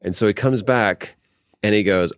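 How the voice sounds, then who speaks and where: A man in his forties, a voice actor as interview guest, telling animated anecdotes with frequent restarts in casual conversation. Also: on the low side, normal speed, dry recording, studio quality.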